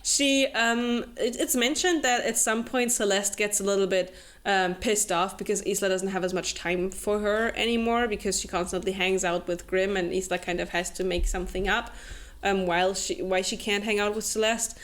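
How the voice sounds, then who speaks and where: A woman's voice: medium pitch, moderate pace. A young woman co-hosting a book club, casually and sarcastically summarizing a novel with lots of fillers. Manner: animated, many fillers, sarcastic.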